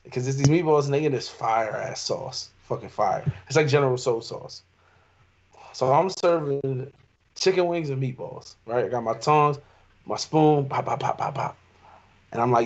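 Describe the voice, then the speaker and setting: A young man telling a long, animated story in casual chat with friends. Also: medium pitch, moderate pace. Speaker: podcast co-host. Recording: dull lo-fi sound.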